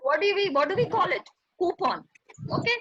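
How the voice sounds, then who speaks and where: A woman's voice: very high voice, sing-song, brisk, fairly bright tone, no echo, dull audio. A woman with an Indian English accent teaching an online class, coaxing and drilling words by repeating them. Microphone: video call.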